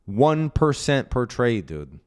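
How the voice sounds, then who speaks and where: A man's voice: medium pitch, sing-song, takes it slowly, smooth. A man casually explaining day trading on a live stream, reading out viewer comments and answering bluntly, often with a tag "right?" and some swearing. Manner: blunt, profane, keeps asking "right?"; reads out and answers viewer chat.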